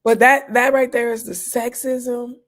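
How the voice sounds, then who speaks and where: A woman emergency room physician, a guest in an interview, telling her stories in an animated way and acting out her own reactions. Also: fairly high pitch, normal speed. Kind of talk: casual storytelling in an interview.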